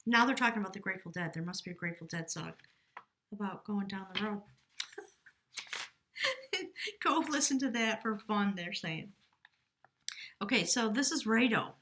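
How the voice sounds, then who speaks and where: A woman's voice: mid-range voice, expressive, moderate pace, pauses often, noisy background. Earnest woman giving a tarot reading. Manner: earnest, emotive, drifts into soft whispers. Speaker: tarot reader. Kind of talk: spiritual reading monologue.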